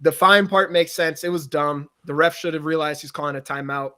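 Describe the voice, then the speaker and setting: A man's voice: fairly high pitch, brisk, bright, forceful tone, clean tone. A man as a guest on a casual sports talk show, blunt and offhand, dropping mild swears.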